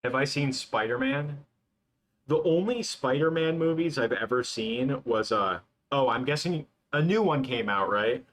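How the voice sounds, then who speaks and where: A man's voice: medium pitch, lively intonation, measured pace, fairly bright tone. A young man in casual live-stream chat, answering viewers while he works, rambling and filling his talk with "like". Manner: rambling, full of "like" fillers. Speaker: livestreaming animator.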